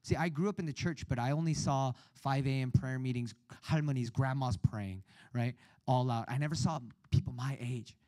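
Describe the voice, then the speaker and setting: A man giving a storytelling sermon at a youth retreat, animated and acting out his younger self, often asking "right?". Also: medium pitch, normal speed, few pauses, dry recording.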